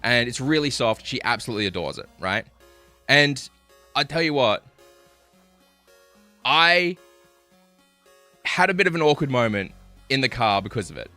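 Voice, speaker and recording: A man's voice: mid-range voice, lively intonation, moderate pace, pauses often, pushed and bright, dry recording, faint music behind. A young man telling stories on a live stream, swearing and laughing as he chats with viewers. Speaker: livestreamer. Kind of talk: casual live-stream storytelling.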